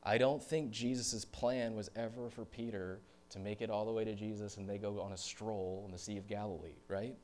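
A male pastor preaching a sermon in a storytelling manner, dropping to hushed confessional tones and then rising into loud, animated bursts. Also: lowish voice, normal speed, few pauses.

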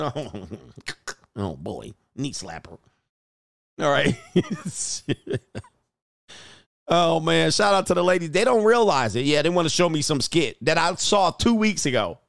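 A man's voice: a little high, creaky, fairly bright tone, no echo, studio quality. Joking, laughing man. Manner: joking, laughing often, slangy and profane. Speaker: dating coach streamer. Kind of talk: casual livestream commentary.

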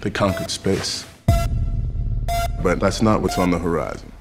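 A man voicing a grave movie-trailer narrator, speaking slowly and heavily over a film soundtrack. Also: low voice, creaky. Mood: ominous. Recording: trailer audio under loud music.

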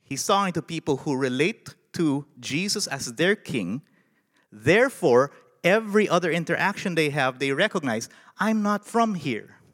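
A man from the Philippines with a Filipino English accent, preaching a sermon as a pastor in an animated way and putting questions to his listeners. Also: a little high, normal speed, big-room sound.

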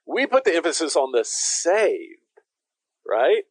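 Lively, conversational male pastor preaching. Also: a little high, takes it slowly, no echo, poor audio. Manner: emphatic, addresses listeners directly. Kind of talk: conversational sermon.

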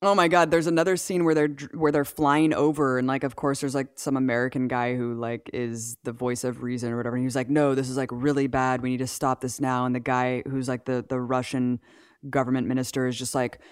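Animated woman chatting on a podcast. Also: very deep voice, a little fast, smooth, no echo, studio quality. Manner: animated, heavy use of 'like'. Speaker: podcast co-host. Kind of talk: casual chat.

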